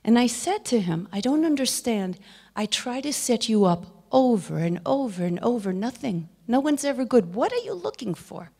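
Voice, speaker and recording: A woman's voice: on the high side, big pitch swings, normal speed, vocal fry, darkish tone. A middle-aged woman giving a Torah lecture, telling stories, acting out the dialogue and dropping to a whisper for emphasis. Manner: storytelling, acts out quoted dialogue. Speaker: speaker.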